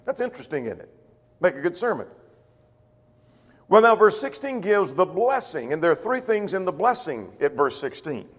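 Male Bible teacher, plain explainer, slightly high voice, reverberant church room. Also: big pitch swings, normal speed. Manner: explains scripture plainly, rephrases verses, asks rhetorical questions. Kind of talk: verse-by-verse Bible class teaching. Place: church classroom or auditorium. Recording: long reverb of a church hall.

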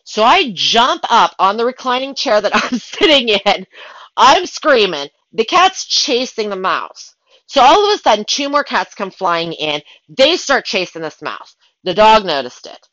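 A woman telling stories from her work as a pet sitter in a casual, animated way, acting out her own panicked thoughts. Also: fairly high pitch, measured pace, no room sound, highs cut off. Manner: animated, dramatic retelling with excited asides. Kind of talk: casual storytelling.

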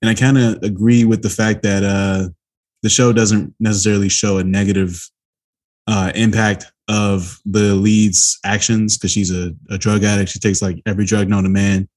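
A young man co-hosting a podcast, talking in a relaxed, blunt, rambling way in casual chat. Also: on the low side, moderate pace. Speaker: podcast co-host.

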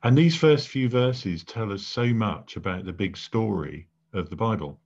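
A vicar preaches in a low voice at a very slow, deliberate pace, leaving pauses between his phrases. The recording sounds dull and lo-fi. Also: darkish tone, breathy edge. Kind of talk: sermon.

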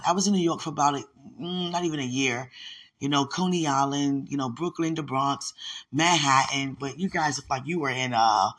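A woman hosting a podcast, talking casually and emotionally to a friend, gushing with sudden high squeals and religious phrasing. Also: vocal fry, a bit bright, breathy edge. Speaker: podcast host. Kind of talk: casual spoken message to a friend.

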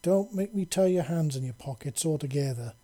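A man's voice: fairly high pitch, animated, fairly quick, warm tone. A man reading aloud, voicing a fierce, teasing female feathered creature who purrs and gives orders in a raised voice. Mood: bossy. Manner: playful, sultry, bossy.

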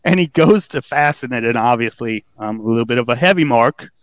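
A man's voice: medium pitch, brisk, dry recording. A man from Louisiana, telling a story as a podcast guest in casual, profane chat and acting out other people's lines. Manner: animated, acts out other people's lines with shifting voices; casual and profane, laughs at his own story.

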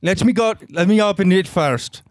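High-voiced man, stammering. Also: no room sound, studio quality. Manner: stammering, hurried. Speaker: player. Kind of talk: improvised comedic role-play.

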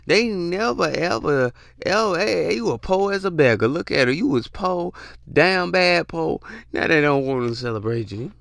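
A man's voice: a little high, animated, normal speed, creaky, fairly bright tone, no echo, studio quality. A young man ranting in a blunt, profane, slangy monologue, repeating himself for emphasis. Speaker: podcast host. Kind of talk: casual monologue rant.

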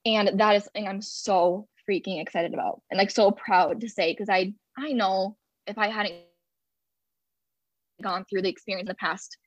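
A woman's voice: medium pitch, no echo. A pregnant woman in her third trimester, talking openly and with emotion as a podcast guest, often laughing. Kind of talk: conversational interview.

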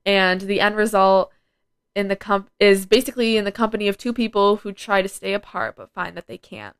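A teen podcast host talks by herself in a casual, rambling way, full of "like." Her voice is smooth and medium-pitched. It's studio-quality sound with no room noise.

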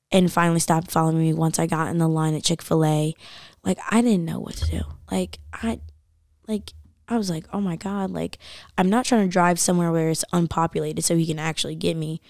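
Young woman, animated storyteller, slightly low voice, dry close sound. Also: no room sound. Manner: animated storytelling, acts out voices, says "like" constantly. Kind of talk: casual chat.

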